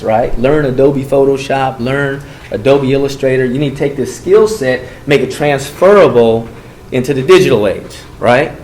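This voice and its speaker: A man speaking to a group about gang and drug prevention, telling a story and acting out the quotes with big swings in voice. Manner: animated, acts out quotes with swings in pitch and volume. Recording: echoey room with faint noise.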